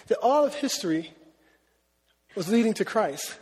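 A man's voice: very high voice, normal speed, darkish tone, husky, in a large hall. A man preaching a sermon as a pastor, talking in a conversational way and often asking his listeners questions. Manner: conversational, asks the audience questions.

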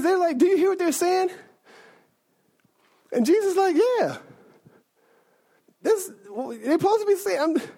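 A preacher giving an informal, conversational sermon who checks in with the audience often and restarts sentences a lot. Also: mid-range voice. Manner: animated, conversational, keeps asking the audience "right?"; frequent restarts and self-corrections.

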